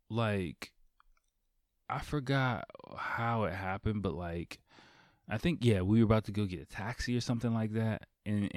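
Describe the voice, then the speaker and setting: Guy w a lowish voice swearing his way thru a story, dry close sound. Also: no room sound. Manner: profane, animated anecdote with acted-out quotes. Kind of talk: casual storytelling.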